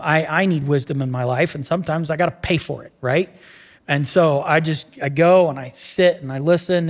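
A man preaching a sermon as pastor, telling the story with energy and acting out the voices of the people in it. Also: a little high. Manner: animated storytelling, acts out voices. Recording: reverberant church hall.

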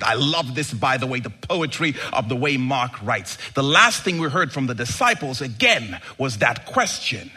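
A male pastor preaching a sermon in an animated, emphatic way, with sudden bursts of excitement. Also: mid-range voice, normal speed, slightly rough.

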